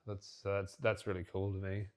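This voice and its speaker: A man co-hosting a casual couples podcast, speaking gently and haltingly, often restarting his sentences. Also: low voice, completely flat delivery. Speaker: podcast co-host.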